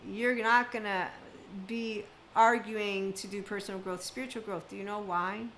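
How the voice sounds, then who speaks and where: A woman's voice: medium pitch, fairly even intonation, moderate pace, fairly bright tone, a little hiss or hum, low-quality recording. Emphatic woman giving a preachy monologue. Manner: emphatic, preachy, run-on sentences. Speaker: spiritual self-help speaker. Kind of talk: impassioned unscripted monologue.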